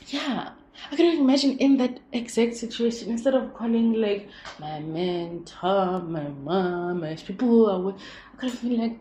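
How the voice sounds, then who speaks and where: A woman's voice: medium pitch, animated, unhurried, mellow. Chatty young woman in an echoey room. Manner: chatty, laughs often, many restarts. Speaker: podcast host. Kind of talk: casual personal monologue.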